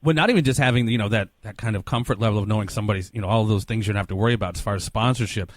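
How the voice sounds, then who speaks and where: A man's voice: fairly low pitch, racing, dry recording, studio quality. A man hosting a podcast interview, encouraging his guest and filling his sentences with "you know". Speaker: podcast host. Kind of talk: casual interview.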